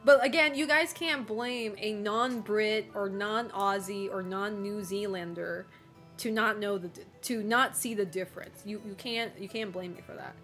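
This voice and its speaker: A woman's voice: medium pitch, measured pace, fairly bright tone, soft background music. A woman streamer chatting casually with her live chat, teasing viewers, swearing freely, and laughing often.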